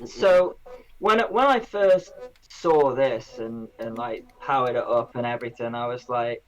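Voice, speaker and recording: A man's voice: mid-range voice, a little slow, lo-fi sound. A man on a podcast, rambling through a review of drone gear with lots of restarts in casual banter.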